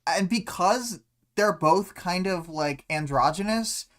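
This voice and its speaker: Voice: mid-range voice, takes it slowly, a bit bright. A co-host in a casual livestream discussion, laid-back and rambling, laughing often and swearing casually. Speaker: podcast co-host.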